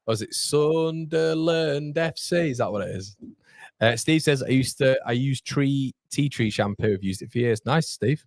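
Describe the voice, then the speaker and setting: Chatty low-voiced man hosting a watchalong. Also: no echo. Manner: chatty, laughs often, reads viewer comments aloud. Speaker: watchalong host. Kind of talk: live match commentary and chat reading.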